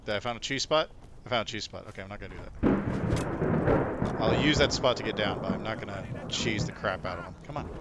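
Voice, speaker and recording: A man livestreaming a video game, commenting excitedly, swearing and yelling at the enemies he fights. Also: lowish voice, quick pace. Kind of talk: live gameplay commentary. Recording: noisy stream audio.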